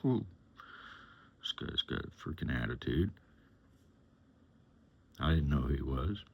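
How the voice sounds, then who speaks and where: A man telling a personal story from his years as a chauffeur, in a plain-spoken, unhurried, conversational way. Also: very deep voice, animated, gravelly, breathy edge, dull audio.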